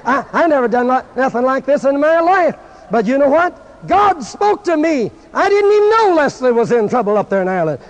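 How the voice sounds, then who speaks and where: In a very high, very animated voice and a brisk pace, an evangelist preacher fervently exclaims his sermon to assembled preachers, dropping into French at times. This lo-fi archive recording sounds dull and reverberant, made in a large church or conference hall.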